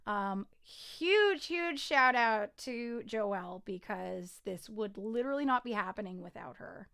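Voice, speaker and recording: A woman singer-songwriter chatting casually on a livestream, excitable and rambling, with frequent giggles. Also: mid-range voice, a little slow, vocal fry, clean tone.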